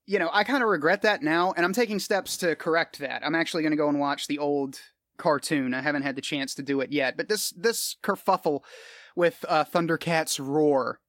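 A man's voice: a little high, moderate pace, a bit bright, no echo, studio quality. A man in his thirties hosting a solo podcast, rambling off the top of his head with casual swearing. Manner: casual, profane, rambling off the cuff. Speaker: podcast host.

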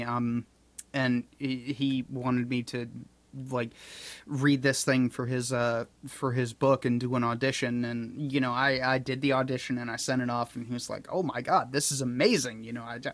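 A man's voice: mid-range voice, a bit bright, dry recording. A man in casual podcast chat, talking in a rambling way with many fillers and restarts. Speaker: podcast co-host.

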